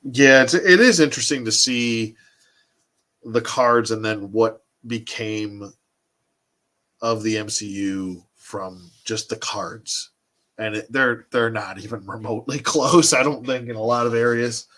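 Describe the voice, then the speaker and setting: Answering his chat on a toy collecting livestream, a thirty-something man rambles and thinks aloud. His voice is medium-pitched, bright, and forceful, with a slightly slow delivery.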